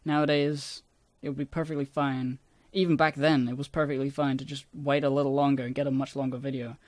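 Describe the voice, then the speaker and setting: A man casually rambling about his own old videos, self-deprecating and swearing often, with a somewhat squeaky voice. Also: little pitch movement, a little fast, a little mellow, no echo.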